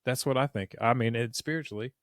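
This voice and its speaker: A man's voice: medium pitch, fast, no echo. Easygoing podcast co-host guy, dry sound. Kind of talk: casual chat.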